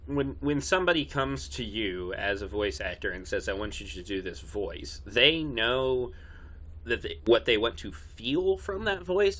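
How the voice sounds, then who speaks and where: Bright-toned, low-voiced male voice actor. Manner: chatty, frequent fillers. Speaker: podcast co-host and voice actor. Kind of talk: casual chat.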